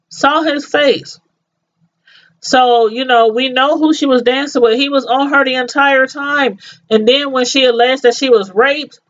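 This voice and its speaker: A woman's voice: a little high, fairly bright tone, dull audio. A middle-aged woman vlogging casual commentary to her viewers, emphatic and informal, repeating phrases for effect. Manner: addresses viewers directly, informal slang.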